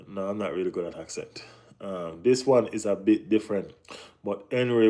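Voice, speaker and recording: A man hosting a casual live football chat, talking in an animated way with lots of slang and repeated phrases. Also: lowish voice. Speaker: football channel host.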